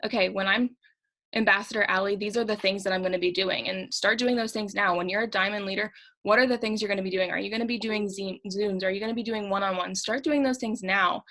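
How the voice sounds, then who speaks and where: Young woman, team host on a video call, fast, chatty, breathless coaching talk. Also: mid-range voice, fairly bright tone, poor audio. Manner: fast-talking, chatty, upbeat.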